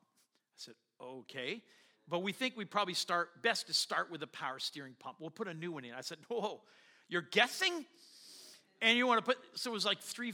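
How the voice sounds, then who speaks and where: Bright-voiced pastor telling a story. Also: male voice, on the high side. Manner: animated anecdote-telling, acting out dialogue. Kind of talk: sermon storytelling.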